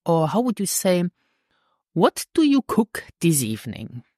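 A woman teaching a language lesson in a patient, deliberate way, often checking in with the listener. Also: on the low side, big pitch swings, a little mellow, husky, no echo, clean studio sound. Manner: patient, slow and deliberate, checks in with "hmm?" and "okay?".

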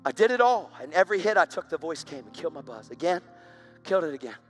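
A man giving an emotional testimony sermon, swinging from hushed whispers to loud outbursts. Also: a little high, big pitch swings, fast, soft background music. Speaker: preacher.

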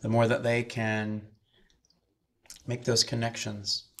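A man with a low, gravelly voice leads a guided meditation. He speaks slowly and soothingly, pausing for breathing cues. His tone stays calm throughout. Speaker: minister.

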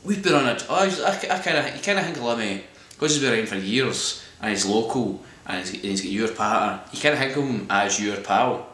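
A man's voice: medium pitch, lively intonation, brisk, a bit bright. A man ranting in a sweary, exasperated vlog monologue. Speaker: vlogger reviewing a comedy show. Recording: echoey room.

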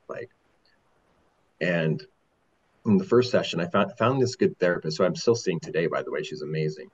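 A man in his forties telling his own story candidly as a podcast guest, halting and rambling with many restarts. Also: deep voice, animated, breathy edge, muffled recording. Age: 40s.

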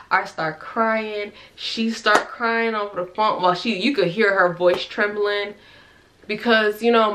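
A young woman vlogger telling a personal story in a chatty, animated way, with restarts and quoted dialogue. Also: medium pitch. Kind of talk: casual storytelling vlog.

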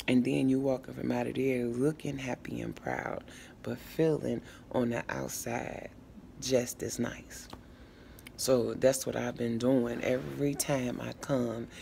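A woman's voice: a bass voice, gravelly, darkish tone, a little hiss or hum. A woman in her fifties casually chatting to her followers with folksy asides, while waiting for her ride after physical therapy. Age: 50s. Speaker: vlogger. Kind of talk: casual chit-chat to camera.

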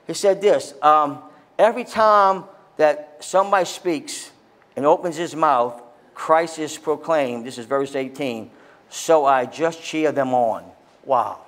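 A pastor preaches slowly in a fairly high voice, his impassioned, excitable delivery swinging between loud peaks and quiet readings of scripture.

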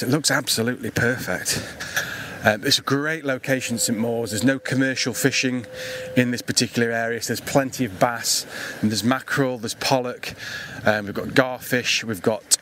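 A man talks his way across a rocky coastline in a loose, rambling way, full of ums and wry self-deprecation. He is short of breath from the climbing. The outdoor recording carries a clear wash of background noise. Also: medium pitch, steady tone, normal speed, fairly bright tone. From England. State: out of breath from scrambling. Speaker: podcast host. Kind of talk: casual outdoor fishing commentary.

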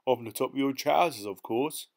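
A man's voice: mid-range voice, normal speed, gravelly, voice pushed up. A man voicing a boastful, cheeky male London pickpocket in an audiobook. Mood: smug teasing. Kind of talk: audiobook character voice.

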